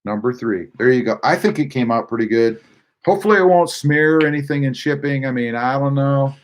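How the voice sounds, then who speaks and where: A man's voice: mid-range voice, fairly quick. A man hosting a casual live stream, reading viewer chat aloud with many fillers and hesitations. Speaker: livestream host.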